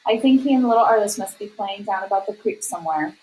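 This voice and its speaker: A sober, firm frontier mother, read aloud by a woman. She speaks plainly and steadily in a storybook telling, at a middle pitch. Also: lively intonation, fast, a little mellow, natural voice, rough recording.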